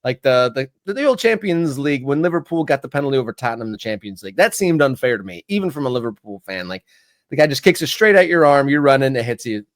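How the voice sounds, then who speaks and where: Casual, filler-heavy sports talk co-host. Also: male voice, mid-range voice, quick pace, no echo, studio quality. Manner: casual, many "like" fillers, animated. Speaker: podcast co-host. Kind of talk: sports talk show discussion.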